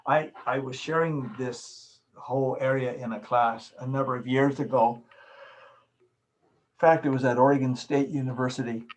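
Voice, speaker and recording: A middle-aged man lectures on how to speak in public, in a voice of middling pitch. He shows each technique with his own voice as he explains it, in the manner of an instructor. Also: fairly even intonation, normal speed, rough recording. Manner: instructive, demonstrates vocal techniques.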